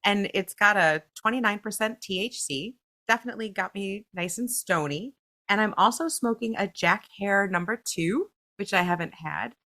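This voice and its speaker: Bright-voiced giggly woman podcaster. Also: medium pitch, normal speed. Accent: upstate New York. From upstate New York. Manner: giggly, reads listener emails aloud. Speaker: podcast co-host. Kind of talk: casual podcast chat.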